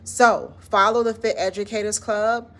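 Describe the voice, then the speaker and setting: A woman's voice: mid-range voice, steady tone, unhurried, a bit bright. Encouraging Southern woman guiding breathing. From Southern United States. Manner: encouraging, conversational, drops in "listen" and "like". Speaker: founder of an educators' wellness club. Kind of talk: casual self-care talk with guided breathing.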